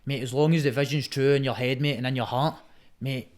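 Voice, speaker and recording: A man's voice: medium pitch, fairly even intonation, fairly quick. Young scottish man, mate every sentence. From Scotland. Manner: says mate constantly, swears heavily, emphatic. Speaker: guest, Muay Thai fighter. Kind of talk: casual podcast chat.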